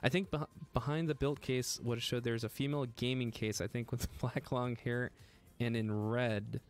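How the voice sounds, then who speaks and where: A man's voice: mid-range voice, fairly even intonation, moderate pace, faint music behind. A man hosting a casual live stream, joking and laughing as he gets flustered over his own slip. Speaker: livestream host building a PC.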